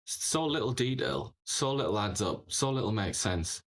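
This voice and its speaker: A man's voice: mid-range voice, expressive, moderate pace, creaky. A man hosting a political commentary show, talking in an opinionated, sarcastic way, full of mocking rhetorical questions.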